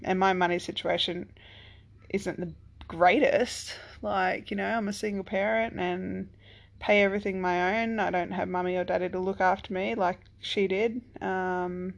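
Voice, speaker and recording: With a steady, medium-pitched voice, vocal fry and normal speed, a woman in her thirties or forties who's a single parent recounts a personal story. She rambles casually, using lots of "like" and "um" and swearing freely.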